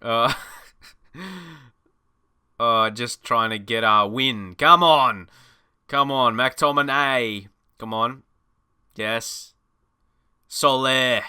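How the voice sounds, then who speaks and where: An Australian man giving casual, excitable commentary over a football management game, chatty and laughing often. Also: medium pitch, drawn-out words, long pauses, smooth. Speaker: gaming YouTuber.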